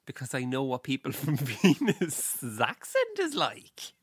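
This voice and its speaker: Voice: medium pitch, huge pitch swings, a little slow, breathy edge, no echo, clean studio sound. A podcast co-host in casual, wry banter. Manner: wry, joking.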